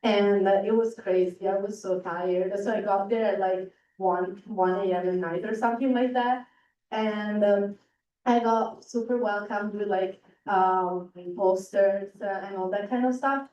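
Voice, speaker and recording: Brief: teen exchange student from Italy, chatty filler-heavy talk, far-off roomy room sound. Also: female voice, medium pitch, fairly even intonation, measured pace, warm tone, highs cut off. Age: teens. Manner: chatty, lots of "like" and "um". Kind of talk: informal presentation to a club. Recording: roomy hall sound, distant mic.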